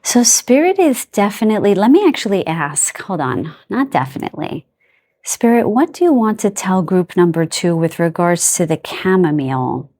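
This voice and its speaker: Gentle, rambling woman card reader. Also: fairly low pitch, sing-song, moderate pace. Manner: gentle and affectionate, often laughing softly; loose and rambling, trailing off and restarting. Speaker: tarot and oracle card reader. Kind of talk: casual spoken card reading to viewers.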